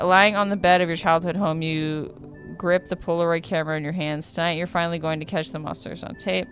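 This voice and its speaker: A woman's voice: lowish voice, fairly even intonation, fairly quick, fairly bright tone, soft background music. A woman streamer who reads a dating sim's text aloud in a casual tone, often stumbling and correcting herself as she reacts. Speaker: streamer playing a dating sim.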